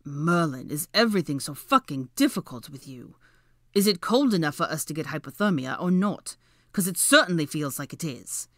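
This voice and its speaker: A woman's voice: sits low, moderate pace, no room sound, studio quality. Woman doing a sneering young wizard man. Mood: irritable. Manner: drawling, sneering. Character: snide sulky young male wizard. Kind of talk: audiobook character voice.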